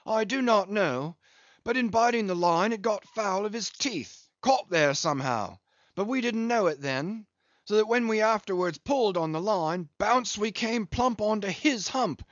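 A man's voice: high voice, expressive, normal speed, no room sound, dull audio, pitched above the performer's own voice. A man voicing a hearty, good-humoured whaling captain telling a long sea story in an audiobook. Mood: storytelling. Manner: chatty yarn-spinning.

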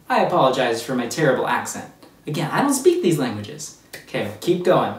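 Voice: medium pitch, very animated, normal speed. Upbeat kids' Bible teacher in an echoey room. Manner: upbeat, speaks straight to children. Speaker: children's ministry teacher. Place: church room. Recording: roomy echo, distant from the mic.

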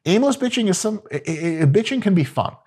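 A man's voice: sits high, animated, brisk, darkish tone, husky. A man giving casual, profane, joking coaching talk about gym training. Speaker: fitness coach.

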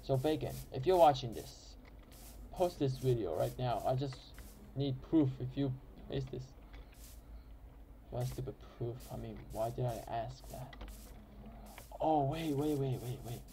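A man's voice: medium pitch, unhurried, dark tone, a little hiss or hum, low-quality recording. A man giving casual, rambling game commentary as host, often correcting himself mid-sentence. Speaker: gameplay host.

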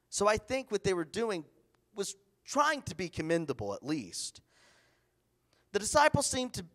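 A man preaching a sermon as pastor in a church, animated, acting out the voices of others. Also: sits high.

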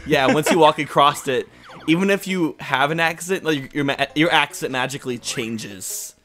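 A man's voice: on the high side, moderate pace, pushed and bright. A young man in casual gameplay banter, joking and rambling with crude humor from his bedroom. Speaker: gaming YouTuber.

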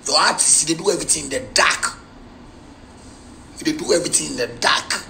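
A musician with a Ghanaian Pidgin English accent rants in a live video, confrontational and heated. His voice sits a little high and pushes hard with a tense, bright edge. Now and then he breaks into outright shouting. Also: a little fast, vocal fry, slight background noise, rough recording.

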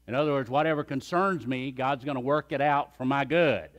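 A man's voice: mid-range voice, brisk, hardly any pauses. Preacher guy, punchy sermon voice, keeps getting the church to say it back. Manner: emphatic, calls on the congregation to repeat after him. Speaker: pastor.

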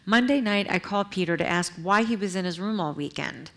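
A middle-aged woman, an author, reading from her own memoir at a public library event in a measured, earnest way, with brief asides to the audience. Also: mid-range voice, lively intonation.

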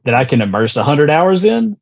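A man's voice: fairly high pitch, big pitch swings, fairly quick, gravelly. A man chatting in a laid-back, meandering way on a podcast, sometimes searching for his words. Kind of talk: casual podcast chat. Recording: muffled lo-fi audio.

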